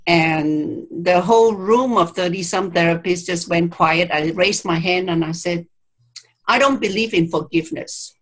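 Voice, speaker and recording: A woman's voice: fairly low pitch, a little slow, poor audio. A woman therapist telling a client story in an interview, speaking reflectively, with hesitant restarts and quoted dialogue, over a video call. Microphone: video call mic.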